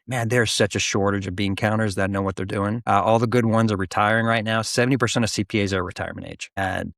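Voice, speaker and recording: Chatty middle-aged man with a low voice. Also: fast talker, gravelly, no room sound, studio quality. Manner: animated, restarts often, acts out quoted voices. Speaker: guest, business founder. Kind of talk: casual interview storytelling.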